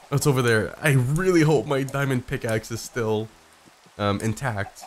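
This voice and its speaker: A young man doing live gameplay commentary, excitable and foul-mouthed, yelping and laughing at every surprise. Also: mid-range voice, normal speed. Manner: excitable, swears a lot, yelps and laughs at surprises. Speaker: game streamer.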